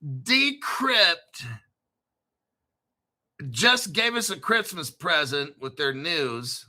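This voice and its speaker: A man hosting his own crypto show, talking in a hyped, profane rush and clearing his throat often. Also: fairly high pitch, sing-song, drawn-out words, bright, forceful tone. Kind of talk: excitable solo commentary stream.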